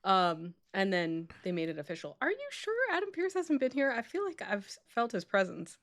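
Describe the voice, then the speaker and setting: Woman, mid-pitched voice, chatty co-host, laughs a lot, playfully bossy. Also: very animated, moderate pace, a bit bright. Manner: chatty, laughs often, mock-stern with co-host. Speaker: co-host of a wrestling live stream. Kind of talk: casual chat.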